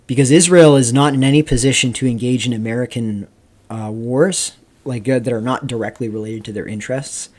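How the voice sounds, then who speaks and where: A man hosting a live stream, rambling casually through commentary, reading chat questions aloud and filling pauses with "um" and "like". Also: medium pitch, darkish tone. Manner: rambling, reads chat aloud, many fillers. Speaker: streamer host.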